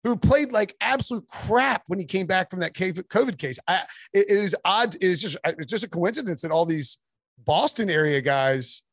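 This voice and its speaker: Rambling man, higher voice, dry mic. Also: lively intonation, fairly bright tone, no echo. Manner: rambling, quick asides with many restarts. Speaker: sports writer guest. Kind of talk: casual podcast chat.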